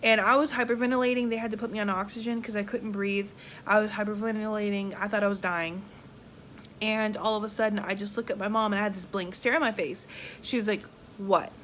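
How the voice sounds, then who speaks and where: A woman's voice: medium pitch, fast talker, slight background noise. A young woman with a Southern US accent, telling her own story casually and bluntly, often swearing and acting out what other people said. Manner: candid and blunt, with frequent profanity; animated, acts out quoted people. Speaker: vlogger.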